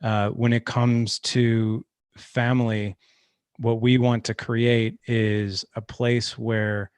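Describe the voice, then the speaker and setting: A man's voice: mid-range voice, level tone, takes it slowly, clear, resonant tone, dry recording. A middle-aged man telling a story earnestly in casual conversation, with many restarts. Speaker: guest.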